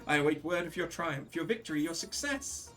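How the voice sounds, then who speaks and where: A cowering little kobold frets and pleads, repeating itself as its voice climbs into high, panicky wails, as a man reads the game lines aloud. The delivery swings widely in pitch. Faint music plays underneath. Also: lively intonation, fairly quick, pushed and bright, recorded from a distance. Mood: pleading. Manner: repetitive, wailing, pleading, pitch jumping high. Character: fretful cowering kobold, male, small. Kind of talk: reading game dialogue aloud.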